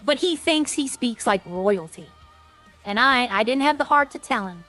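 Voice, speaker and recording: A woman's voice: a little high, expressive, normal speed, fairly bright tone, faint music behind. A woman streamer rambling in casual, self-deprecating chat with her viewers.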